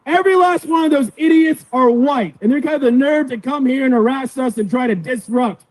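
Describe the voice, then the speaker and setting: Defiant high-voiced man, heard from afar. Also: brisk, no echo. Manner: defiant, forceful. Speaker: protest speaker. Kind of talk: rally speech. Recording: distant outdoor rally recording.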